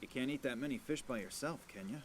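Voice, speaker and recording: A man's voice: mid-range voice, quick pace, slight background noise, close to an everyday voice. An actor playing a dry, sarcastic young male adventurer in a game. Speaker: game protagonist.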